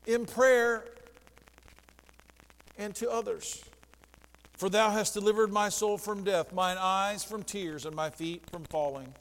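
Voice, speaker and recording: A high-voiced male pastor delivers an animated sermon in a church sanctuary, swinging from hushed tones to shouting. The recording carries the long reverb of the church hall.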